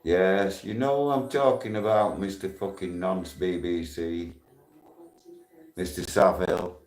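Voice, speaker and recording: Slow-talking blunt man in his 60s. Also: deep voice, fairly even intonation, a little mellow. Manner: blunt and heated, swears freely. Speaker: live streamer. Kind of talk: casual live stream talk with shout-outs.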